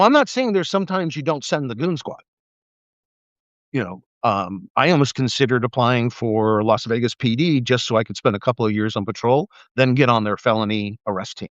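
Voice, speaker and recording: A man's voice: medium pitch, dry recording, lo-fi sound. A man, a former police officer, telling stories and ranting in a casual livestream monologue, acting out quoted voices and swearing often. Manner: animated, acts out quoted voices, profane, laughs. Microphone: livestream mic.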